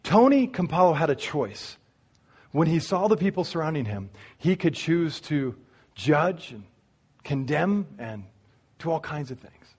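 Husky-voiced man preaching a sermon. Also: a little high, unhurried. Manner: animated storyteller speaking straight to the congregation. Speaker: pastor. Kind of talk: sermon storytelling.

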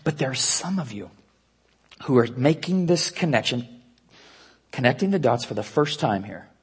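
A man preaching an earnest sermon, dropping to a hush and slowing down to stress key points. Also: medium pitch, lively intonation, slightly rough. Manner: earnest preaching with hushed, slowed emphasis. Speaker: pastor.

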